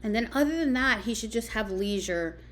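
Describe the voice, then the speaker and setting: A woman hosting a commentary, calmly questioning the men in her audience and listing out household tasks. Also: a little high. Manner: measured, questioning, lists things out. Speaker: commentary host. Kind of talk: reaction commentary.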